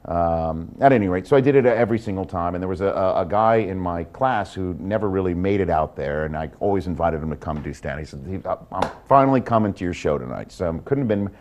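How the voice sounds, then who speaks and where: A man telling a comic anecdote as a game-show guest, lively and self-assured. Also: low-pitched, fast, few pauses, slight background noise. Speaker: guest contestant.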